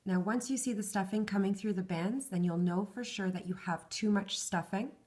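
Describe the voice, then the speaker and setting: A woman's voice: medium pitch, normal speed, darkish tone. A woman giving a step-by-step craft tutorial, patiently explaining each hand movement and counting stitches aloud, her voice worn and fading. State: losing her voice.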